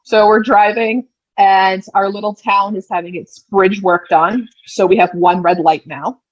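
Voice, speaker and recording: Thirties woman guest, casual storyteller who plays out the dialogue, mid pitch, dry dull lo-fi sound. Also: unhurried, no echo. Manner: lively retelling, acting out quoted lines. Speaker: podcast guest.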